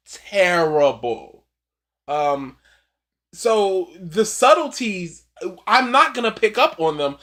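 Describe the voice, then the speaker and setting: Casting: unhurried drawl, sarcastic co-host of a reaction stream. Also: mid-range voice, pushed and bright. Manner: sarcastic, exasperated.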